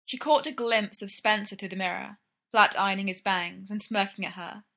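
A woman reading fiction aloud in a measured, even storytelling manner. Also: mid-range voice, gravelly. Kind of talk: audiobook fiction narration.

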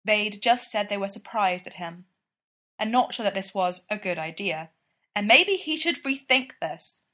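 A woman reads a story aloud with a steady, even delivery, moving through the narration at an unhurried clip. Her voice sits in a middle range and stays plain and untheatrical between the dialogue. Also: mid-range voice. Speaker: reader. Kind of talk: reading fan fiction aloud.

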